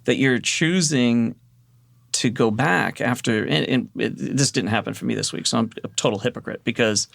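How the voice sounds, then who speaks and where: Gravelly-voiced man in animated podcast chat. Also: medium pitch, normal speed, no room sound, clean studio sound. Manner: animated, self-deprecating storyteller. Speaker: podcast co-host. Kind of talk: casual podcast conversation.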